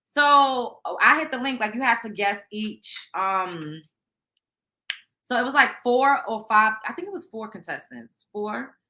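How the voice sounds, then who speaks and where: A woman hosting a show, chatting casually with viewers and reading out tarot cards in a loud, animated, profane way. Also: a little high, unhurried. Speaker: show host.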